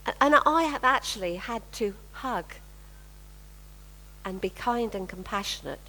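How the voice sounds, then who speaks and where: An older woman delivers a sermon with a lively, swooping voice and frequent calls to her congregation. Her words ring out with a long hall reverb around them. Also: medium pitch, a little slow. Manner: lively preaching with call-and-response. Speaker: preacher. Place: church hall.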